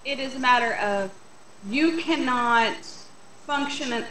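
A woman's voice: high-pitched, slow, fairly bright tone, far from the mic, slight background noise. Woman talking from across a roomy space. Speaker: co-host. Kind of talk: casual chat. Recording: roomy, a bit off-mic.

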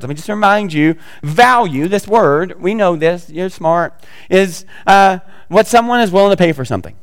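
A male pastor preaches in a loose, conversational way and throws teasing asides to his congregation. His voice sits high for a man. The sound carries a long, hall-like reverb. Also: expressive, moderate pace, clean tone. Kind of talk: sermon.

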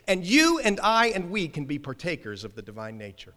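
Guy preaching a sermon, bright forceful voice, bit high, long church hall echo. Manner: animated, emphatic, quick restarts. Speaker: pastor. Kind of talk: sermon with personal storytelling.

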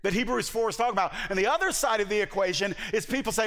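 A man's voice: sits high, racing, a bit bright. A man from the Southern US preaching a sermon as pastor, earnest and emphatic. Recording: long hall reverb.

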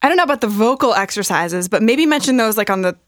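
A woman's voice: fairly high pitch, expressive, quick pace, no room sound, studio quality. A woman hosting a podcast, asking questions in a friendly, giggly way. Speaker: podcast host. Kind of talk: casual podcast interview.

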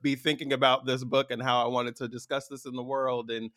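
A man chatting as a podcast guest. He has a bright, lively voice and acts out phrases with a lot of energy. The recording is close and dry, with no room sound. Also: medium pitch, fairly quick, no echo. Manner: animated storyteller, acts out quoted phrases. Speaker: co-author guest. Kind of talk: casual podcast conversation.

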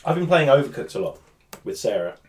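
A man co-hosting a casual gaming podcast, relaxed, with lines that trail off quietly. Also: mid-range voice, quick pace, distant mic. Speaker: podcast co-host.

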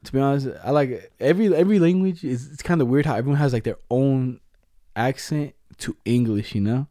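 A young man in relaxed, slangy conversation with a friend, drawling his asides. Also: mid-range voice, a little fast, no echo, clean studio sound. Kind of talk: casual chat.

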